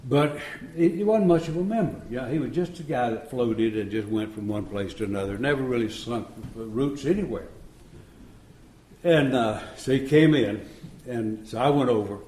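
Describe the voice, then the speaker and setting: A man's voice: medium pitch, moderate pace, a little mellow. A man in his seventies telling his recovery story to a meeting room in a folksy, chuckling way, acting out the dialogue. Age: 70s. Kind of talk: storytelling talk to an audience. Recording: roomy live talk recording.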